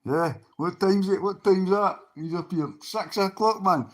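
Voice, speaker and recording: A man's voice: high-pitched, a little slow. A Scottish man on a livestream, talking bluntly and swearing often as he answers people in his chat.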